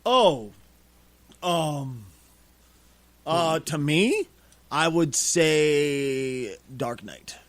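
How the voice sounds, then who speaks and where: A man co-hosting a casual podcast, swearing freely and ranting with lively energy. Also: fairly high pitch, extremely slow, long pauses, no echo. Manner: profane, animated ranting. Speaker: podcast co-host.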